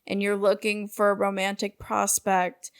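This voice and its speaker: Young woman co-host, mid-pitched, relaxed dry humor, casual chat. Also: normal speed, clean tone. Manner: laid-back, dry joking. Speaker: podcast co-host.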